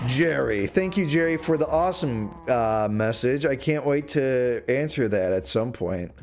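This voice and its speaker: Young man streamer with a lively, bouncing voice. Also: measured pace, faint music behind. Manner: rambling, jumps into mock-outraged high shouts. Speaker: livestreamer. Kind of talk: casual gaming livestream chat. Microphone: desk microphone.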